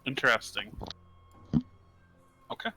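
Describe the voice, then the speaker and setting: A man's voice: slow pace, music in the background, poor audio. A man playing a tabletop game, casually explaining how things work to the table. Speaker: player.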